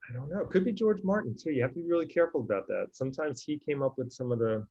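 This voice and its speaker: Racing along in an expressive, medium-pitched voice with a dark tone and breathy edge, a podcast co-host and musician gushes about favorite songs. He hesitates with many ums and restarts, and the audio sounds dull.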